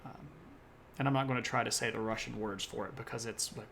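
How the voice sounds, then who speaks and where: A man's voice: mid-range voice, steady tone, fast, gravelly, fairly bright tone, a little hiss or hum. A man lecturing on history during a live stream, rambling a little, correcting himself and tossing in joking asides.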